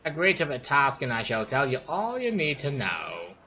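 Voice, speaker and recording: A man voicing a smooth, sly older wizard lord in a fantasy game, speaking in a coaxing, ingratiating way. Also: medium pitch, wildly swooping pitch, normal speed, sharp tone, dull audio, slight background noise, pitched above the performer's own voice, heavily acted.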